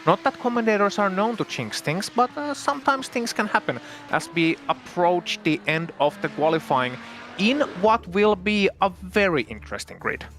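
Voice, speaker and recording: Male co-commentator, bright voice, slightly high, playful chatty delivery. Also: big pitch swings, moderate pace, faint music behind. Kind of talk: sim racing commentary.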